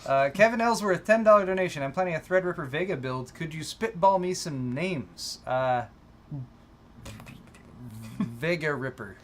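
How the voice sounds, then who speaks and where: A man's voice: on the high side, slight background noise. A man co-hosting a tech live stream, chatting casually and reading out viewer donations in a lifted voice. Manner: loud, lifted voice for donor names, relaxed and halting in chat.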